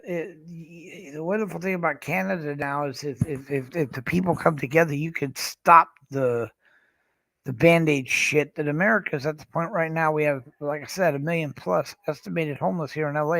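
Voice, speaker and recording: Gravelly, blunt man ranting on a livestream. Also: on the high side, pushed and bright, no room sound, poor audio. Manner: blunt, profane, rambling with restarts. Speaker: livestream host. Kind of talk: casual livestream rant. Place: room in a care facility.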